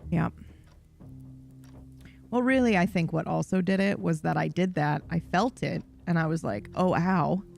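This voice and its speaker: A woman's voice: fairly low pitch, normal speed, gravelly, long pauses, a little mellow, faint music behind. A woman livestreamer in casual chat, rambling and swearing freely with a self-deprecating streak.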